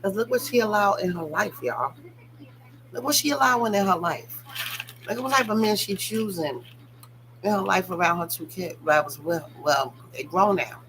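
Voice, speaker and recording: A woman's voice: mid-range voice, expressive, normal speed, background noise. A woman giving blunt, profane casual gossip commentary on a reality TV show, talking straight to her viewers.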